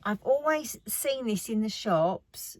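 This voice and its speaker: A woman's voice: fairly high pitch, expressive, takes it slowly, darkish tone, dry recording. A woman chatting casually about her craft haul. She rambles and often drops to a near whisper. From United Kingdom. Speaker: craft vlogger.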